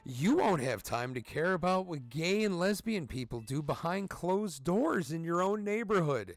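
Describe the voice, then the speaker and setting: A man's voice: on the high side, animated, a little slow, vocal fry, few pauses, dry recording. A man in his thirties doing let's play commentary as a gaming streamer, cursing freely and ranting at the game. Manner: profane, ranting, trash-talks the game.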